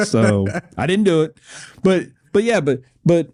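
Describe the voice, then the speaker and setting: A man's voice: a little high, very animated, unhurried, darkish tone. An American man in his sixties, a podcast guest who tells his story in a rambling way, laughing often and restarting phrases. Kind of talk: storytelling interview.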